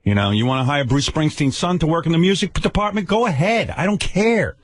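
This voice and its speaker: An older man hosting a radio show in a studio speaks quickly in a slightly high, sing-song voice. He goes on an angry on-air rant full of profane sarcasm and stammered repetitions.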